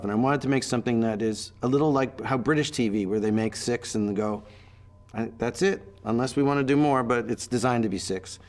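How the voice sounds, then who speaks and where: A man's voice: lowish voice, darkish tone. Chatty man telling stories. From Canada. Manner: chatty storyteller, many fillers. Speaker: actor being interviewed. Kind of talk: anecdotal interview talk.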